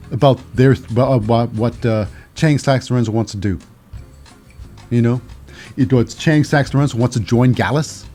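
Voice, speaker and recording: A man's voice: a little high, a little mellow. A man hosting a solo podcast, recapping in a rambling, wry way with many restarts. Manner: rambling, restarts, dry asides. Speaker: podcast host.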